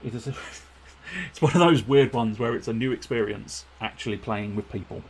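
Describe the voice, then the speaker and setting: A man's voice: mid-range voice, normal speed, a little mellow, breathy edge. A man chatting casually on a live game stream, wordy and politely formal, with frequent fillers and restarts. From United Kingdom.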